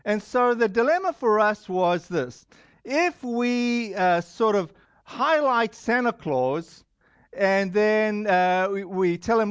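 A man's voice: high-pitched, lively intonation, slow, clear, resonant tone, dry recording. A man with a non-American accent preaching a sermon to a congregation in a loose, rambling way, full of fillers and restarts. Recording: dull lo-fi sound.

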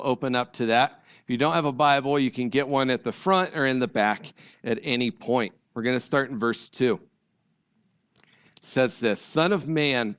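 A pastor from rural Ohio giving a sermon, praying, reading scripture and talking easily with the congregation. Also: male voice, medium pitch, lo-fi sound. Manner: conversational, jokes with the congregation.

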